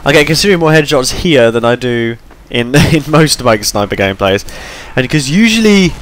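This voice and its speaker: This gameplay commentary comes from a tired young man whose medium-pitched voice is brisk, expressive, and a bit bright, over slight background noise. He's rambling and chatty, self-deprecating, and yawns between points.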